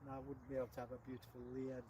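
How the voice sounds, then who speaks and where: A man, chatting casually on a livestream, jokey and quick to laugh. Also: mid-range voice, completely flat delivery, dark tone, low-quality recording. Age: 60s. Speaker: co-host.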